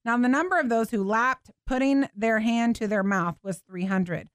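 A woman hosting a faith show, teaching from the Bible in an animated, expressive way and acting out what people in the story say. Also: on the high side, normal speed, clear, resonant tone, no room sound, clean studio sound. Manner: animated, expressive, laughs and acts out voices.

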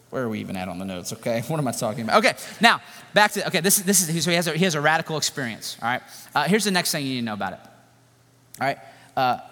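A man preaching a sermon in an animated, joking, conversational way. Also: fairly high pitch. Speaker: pastor. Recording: echoey hall reverb.

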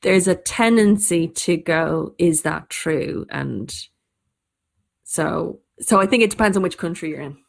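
Irish woman, storyteller, casual chat, lower voice, fast bursts, restarts. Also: creaky. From Ireland. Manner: quick, animated bursts with restarts. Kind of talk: casual conversation.

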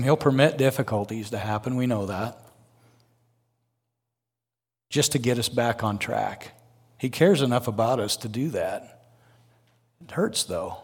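An older man preaching a sermon as a guest speaker, earnest, with folksy personal asides and rising emphasis. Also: mid-range voice.

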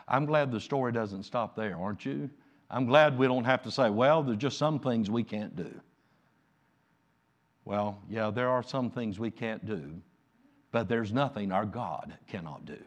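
A male pastor delivering a Sunday sermon, moving from quiet personal storytelling to loud, emphatic preaching. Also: fairly low pitch, a little slow.

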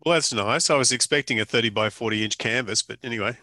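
A man's voice: mid-range voice, fast talker, sharp tone, no echo. A man guesting on a podcast over a video call, answering with dry, wry humor. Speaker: guest photographer. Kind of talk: casual podcast interview.

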